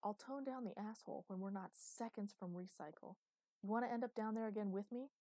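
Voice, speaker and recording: A woman's voice: mid-range voice, a little fast, mellow, dry recording, voice pushed up, lightly acted. Woman voicing a brusque hard-nosed cop. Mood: stern. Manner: brusque, commanding.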